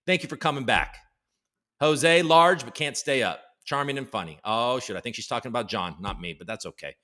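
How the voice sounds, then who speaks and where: A man's voice: mid-range voice, fairly quick, bright, forceful tone. A man hosting a casual live stream, joking around and greeting viewers in the chat by name. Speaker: livestream show host.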